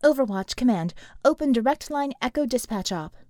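A woman doing a crisp, commanding female operative. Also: fairly high pitch, expressive, fairly quick, no echo, studio quality, pitched above the performer's own voice, lightly acted. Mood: brisk command. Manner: crisp, concise, forceful. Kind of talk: audiobook character voice.

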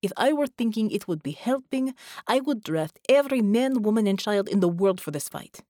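A woman's voice: mid-range voice, animated, normal speed, a little mellow, no room sound, close to an everyday voice. Woman reading as a hardened female soldier, blunt, matter-of-fact, dry close mic. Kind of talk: audiobook character reading.

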